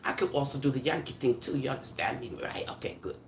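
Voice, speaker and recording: A woman's voice: very deep voice, lively intonation, fast, reverberant, slight background noise. A woman chatting casually on a live stream, laughing often and switching between patois and standard speech. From born in England, raised in America. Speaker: live-stream host answering comments.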